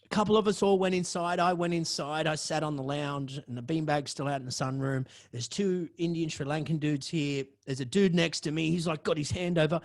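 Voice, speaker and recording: A man telling a personal story on his podcast, dramatic and profane, swinging between loud outbursts and hushed asides. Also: a little high, brisk, few pauses. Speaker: podcast host.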